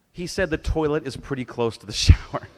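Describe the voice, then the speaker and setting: A middle-aged cartoonist on a convention stage, telling crude comic stories in an animated way and laughing with the crowd. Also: male voice, on the high side. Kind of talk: comic live storytelling. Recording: long hall reverb.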